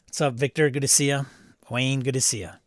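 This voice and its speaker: A man hosts a relaxed live stream, greeting viewers by name and reading their chat aloud with snarky asides. His voice sits in an ordinary middle pitch. The sound is close and dry, with no room echo. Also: fairly quick. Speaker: livestream host.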